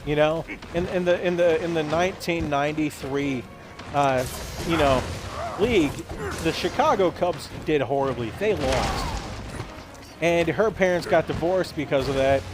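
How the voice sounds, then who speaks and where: A man hosting a gaming video, telling a rambling, absurd story in a deadpan way and acting out quoted lines in voices. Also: a little high, a little slow, over music. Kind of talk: rambling comedic monologue while gaming.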